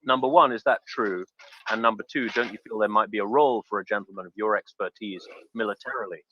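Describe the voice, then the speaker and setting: A man's voice: fairly low pitch, fast, lo-fi sound, a little hiss or hum. A man moderating a casual online panel, wry as he hands out turns.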